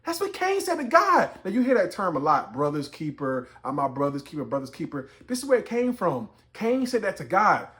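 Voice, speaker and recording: A man's voice: on the high side, big pitch swings, fairly quick, hardly any pauses, a bit bright. A man teaching a Bible story in a conversational way, building to emphatic outbursts. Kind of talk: explaining scripture to camera.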